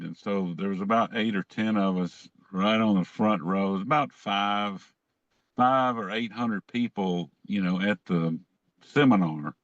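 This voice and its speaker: Low-voiced man telling stories. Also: a little slow, dry recording, muffled recording. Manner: rambling, self-amused anecdotes with restarts. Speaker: guest. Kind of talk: casual storytelling.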